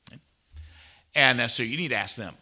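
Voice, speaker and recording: A man speaking as a guest at a conference, telling a story in an animated way. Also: medium pitch, fairly quick. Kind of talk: conference talk. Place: conference stage.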